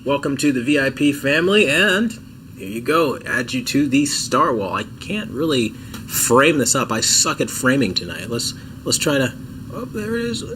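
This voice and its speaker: A man's voice: medium pitch, sing-song, moderate pace, bright, forceful tone, a little hiss or hum. A sick man hosting a casual TV tech livestream at home, chatting with viewers in a laid-back, self-mocking way. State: sick, coughing and clearing throat.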